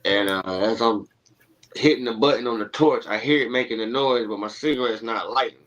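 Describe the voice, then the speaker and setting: A man spins a lively story on a podcast, laughing and slipping into the voices of the people he quotes. His voice sits at a middling pitch. The stream audio is muffled and lo-fi. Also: a little fast. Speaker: guest.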